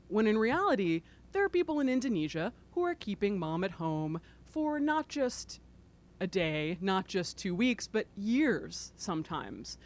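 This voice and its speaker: A woman author reading aloud from her own book at a bookstore event, breaking off into expressive, self-deprecating asides. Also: lowish voice.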